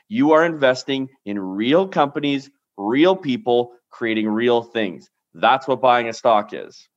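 A man's voice: mid-range voice, animated, unhurried, few pauses. Guy hosting a podcast, punchy and emphatic, kinda muffled lo-fi audio. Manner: emphatic, talks in bursts with lots of "right?". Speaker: podcast host. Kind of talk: casual conversational interview. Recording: dull lo-fi sound.

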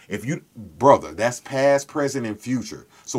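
A man's voice: medium pitch, expressive, measured pace, few pauses, a little hiss or hum. A man co-hosting a podcast, arguing passionately and profanely in casual debate. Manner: passionate, profane, builds to loud outbursts. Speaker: podcast co-host.

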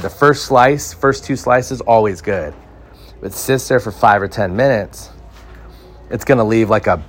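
Young male host from California with a fairly low voice, spinning loose comic tangents full of slang. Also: a little hiss or hum. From California, United States. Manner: rambling, swears casually, slangy. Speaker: podcast host. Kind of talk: casual comic storytelling.

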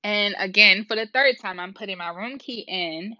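Speaking at a medium pitch and an even pace, this woman vlogger rambles through a story for her viewers, lively and casual, performing each bit of dialogue. There's no echo, though the sound is dull and lo-fi.

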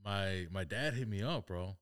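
A man with a fairly low voice tells a story on a casual podcast. He is animated and drops Spanish phrases in as he talks. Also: moderate pace, clean tone. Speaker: podcast co-host.

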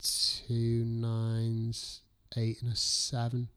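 A man's voice: medium pitch, completely flat delivery, very slow, a bit bright, clean tone. A man, a chef chatting as a guest, telling his story casually, swearing freely and acting out his own past thoughts. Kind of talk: casual podcast chat.

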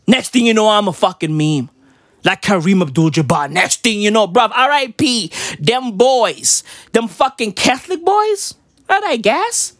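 Woman ranting for laughs, high voice all over the place, rambly, dry close sound. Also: animated, normal speed, dry recording. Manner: rambling, exclamatory, keeps asking "right?". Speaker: comedian. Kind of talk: irreverent comedic rant.

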